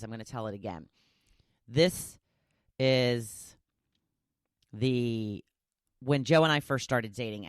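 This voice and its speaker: Chatty woman host for a solo talk show, animated and lively, recorded dry with no room. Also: extremely low pitch, no room sound. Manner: chatty and animated, often laughing. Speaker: podcast host. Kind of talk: casual solo podcast chat.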